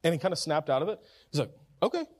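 A man preaching a sermon as pastor, talking conversationally, repeating and restarting phrases, with swings from loud and urgent to soft and quiet. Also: fairly high pitch, very fast.

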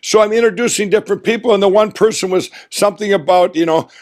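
A middle-aged man telling animated, excitable stories as the guest in a casual interview. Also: sits high. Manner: excitable, animated storyteller with quick asides.

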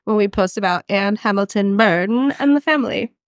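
A young woman co-hosting a podcast in casual chat, giggly and animated, swearing freely. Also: mid-range voice, moderate pace, no room sound, studio quality. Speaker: podcast co-host.

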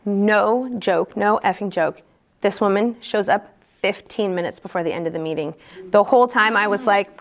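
A woman telling her own recovery story at a support meeting, candid and earnest, halting often with fillers and restarts. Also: mid-range voice. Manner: earnest and emotionally open. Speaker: speaker sharing at a recovery meeting. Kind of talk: personal recovery testimony.

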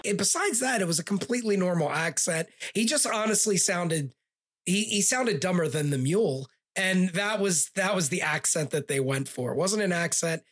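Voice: mid-range voice, animated, moderate pace, a bit bright, slightly rough. A podcast co-host giving casual, mocking commentary on a film and laughing often. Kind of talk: casual movie review chat.

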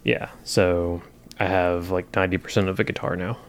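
A man with a very low, smooth and resonant voice, co-hosting a relaxed gear podcast. He talks in an easygoing way and drops wry jokes. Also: moderate pace. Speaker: podcast co-host. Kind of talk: casual chat.

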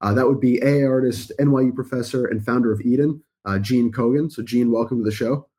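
A man's voice: medium pitch, fast, mellow, slightly rough. A man hosting a podcast, his voice nasal from a cold, talking in an articulate, enthusiastic way. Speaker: podcast host. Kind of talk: podcast intro and interview.

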